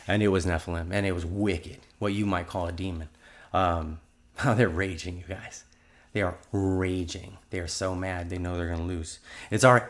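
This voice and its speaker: Man in his 50s with a really low voice, telling a religious testimony, earnest and rambling. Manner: earnest, rambling storytelling with restarts. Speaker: testimony speaker.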